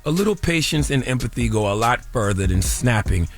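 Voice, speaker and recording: A man's voice: medium pitch, animated, fairly quick. A male morning radio host with a mid-range voice who talks in a preachy, teasing way. Faint music plays beneath him. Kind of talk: radio commentary and banter.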